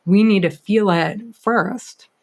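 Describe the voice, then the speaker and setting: A man hosting an interview, calmly summing up and reflecting on what his guest said. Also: high-pitched, takes it slowly. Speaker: host. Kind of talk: interview conversation.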